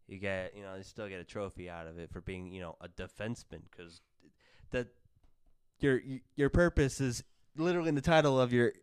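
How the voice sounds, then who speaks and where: A man's voice: on the low side, a little fast, smooth, dry recording, clean studio sound. A man hosting a casual sports podcast, rambling with many fillers and self-corrections. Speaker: podcast host.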